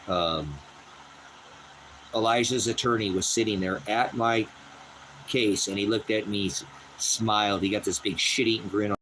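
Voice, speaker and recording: An agitated man rants in an unscripted talk outdoors on his rural land, swearing often and circling back over the same points. When he gets worked up, his voice climbs sharply into a strained, high register. Faint vehicle and outdoor ambience hum along behind him. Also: a bit bright, low-quality recording. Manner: agitated, repetitive, profane, rising to a high strained pitch when upset. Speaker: host of a personal channel. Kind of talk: unscripted personal rant.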